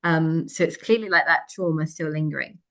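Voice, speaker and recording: A woman telling a personal story in conversation, frank and lively, with many fillers. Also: sits low, a little fast. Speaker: interview guest.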